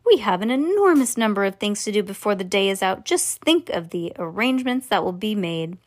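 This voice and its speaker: A woman's voice: medium pitch, sing-song, a little fast, lightly acted. A woman reading aloud and voicing an eccentric, cheerful male chocolate-factory owner who talks in a bubbly, fussy rush. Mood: bustling.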